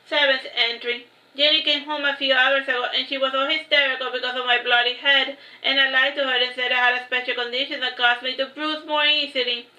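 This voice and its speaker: A woman reads her own story aloud in the first person, taking each phrase slowly and deliberately. Her voice sits high and sounds bright, with an even, narrow pitch. The recording is roomy and a little muffled. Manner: slow, measured read-aloud delivery. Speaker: author reading her book. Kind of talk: first-person book reading. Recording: echoey room, slightly dull sound.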